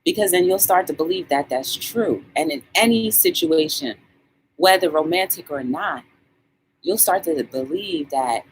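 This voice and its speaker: A woman's voice: fairly low pitch, slight background noise. A woman hosting a live talk show, chatting casually and colloquially with her viewers. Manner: animated, shouting out viewers by name; colloquial, conversational. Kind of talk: casual live-stream chat.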